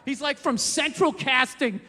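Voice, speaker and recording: Guy ranting on stage, swears a ton, high bright voice, big echoey room. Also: measured pace. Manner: profane, exasperated, shouting bursts. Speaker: stand-up comedian. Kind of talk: stand-up comedy rant. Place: large comedy venue stage.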